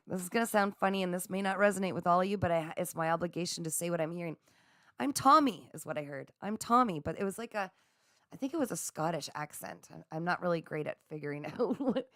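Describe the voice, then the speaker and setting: A woman hosting a live spiritual chat, speaking in a gentle, affirming and soothing way as she reads out viewer comments. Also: on the low side, fast, no room sound, studio quality. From Canada. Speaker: psychic livestream host.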